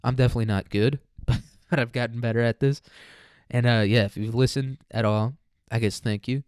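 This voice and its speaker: A man's voice: medium pitch, fairly even intonation, brisk, a little mellow, smooth, dry recording, studio quality. A young man hosting a casual solo podcast, rambling, profane and jokey. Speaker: podcast host.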